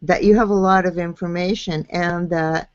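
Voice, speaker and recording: A woman's voice: on the low side, steady tone, normal speed, no echo, highs cut off. A woman hosting a live video chat show, speaking in a thoughtful, encouraging way. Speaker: show host.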